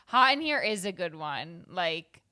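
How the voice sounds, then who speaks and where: A woman's voice: on the low side, sing-song, a little slow, pushed and bright. A young woman co-hosting a podcast in casual chat, giggly and chatty, full of "like". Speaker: podcast co-host.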